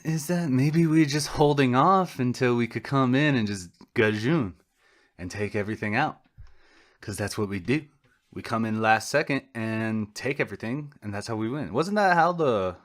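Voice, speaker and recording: A man's voice: medium pitch, animated, moderate pace. A young man co-hosting a podcast alone, rambling and meandering with jokey asides and self-interruptions. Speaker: podcast co-host. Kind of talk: solo rambling podcast monologue.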